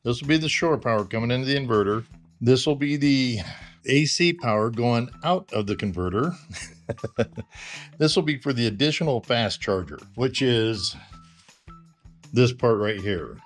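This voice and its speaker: Halting man walking through a DIY install. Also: medium pitch, lively intonation, soft background music. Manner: plain, halting, lots of "uh". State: out of breath. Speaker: RV owner doing a DIY install. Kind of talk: casual how-to walkthrough. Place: travel trailer and its storage bay, hot weather.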